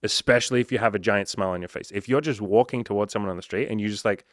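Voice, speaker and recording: A man's voice: lowish voice, rapid-fire, dry recording, clean studio sound. A man talking as a dating coach in a casual, blunt monologue full of swearing. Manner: blunt and profane, conversational.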